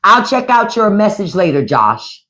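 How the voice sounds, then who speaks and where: A middle-aged woman talks politics on her livestream with a lively pitch that swings up and down. She is blunt and profane and keeps slipping into mocking voices of the people she discusses. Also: a little slow. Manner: animated, blunt and profane, mimicking others. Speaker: livestream host. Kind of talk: casual political commentary livestream.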